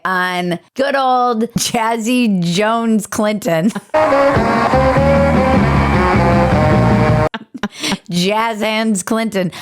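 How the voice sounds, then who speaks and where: A woman hosts her podcast with casual, opinionated commentary. Her delivery is irreverent and sarcastic, with casual swearing. Her voice sits in an ordinary middle pitch. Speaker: podcast host.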